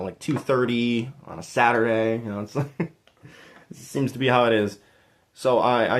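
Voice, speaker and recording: Young man, somewhat low voice, earnest, rambling, self-deprecating, casual vlog talk. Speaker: YouTuber thanking subscribers. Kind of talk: heartfelt casual vlog monologue.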